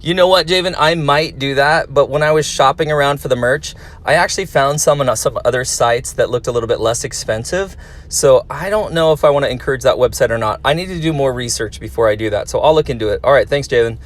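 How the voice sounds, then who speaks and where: A man's voice: medium pitch, quick pace. A man who teaches, reading viewer comments aloud and answering them in a friendly, encouraging way for young fans. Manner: friendly, encouraging, talks to kids.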